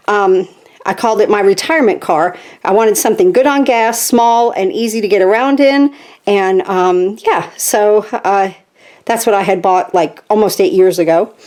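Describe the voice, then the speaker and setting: A woman in her sixties with grandchildren, a craft channel host chatting casually while she works, animated and full of "okay?" asides. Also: mid-range voice.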